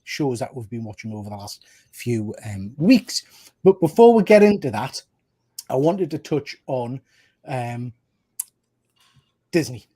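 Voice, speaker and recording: A man's voice: medium pitch, dark tone. A man with a Geordie accent hosting a casual live panel chat over a video call, joking and bantering with his guests. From North East England. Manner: chatty, jokey, friendly banter. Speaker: host.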